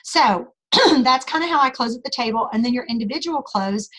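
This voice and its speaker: A woman giving a sales training talk, calmly walking the listeners through her script step by step. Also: fairly high pitch, normal speed, poor audio.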